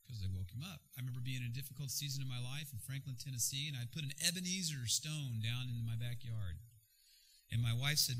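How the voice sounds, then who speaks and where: A man preaching a sermon in an animated, jokey way with sudden bursts of energy. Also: medium pitch, fast, a little hiss or hum, poor audio. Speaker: pastor.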